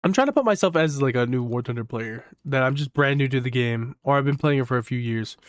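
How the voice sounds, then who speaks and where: This young man is a gaming YouTuber doing casual reaction commentary, excitable and rambling, with plenty of swearing and "like." His pitch is medium and he talks fast, recorded cleanly in a studio with no echo.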